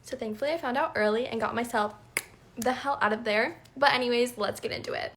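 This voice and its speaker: A woman's voice: fairly high pitch, brisk, fairly bright tone. A young woman and nursing student telling a storytime in a chatty, amused, conversational way. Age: young adult. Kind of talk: casual storytime.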